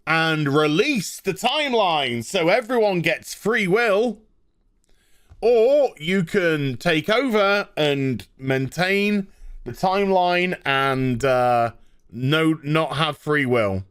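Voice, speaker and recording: An English man voicing a calm, scheming male keeper of time, slowly explaining a choice. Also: fairly high pitch. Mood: persuasive.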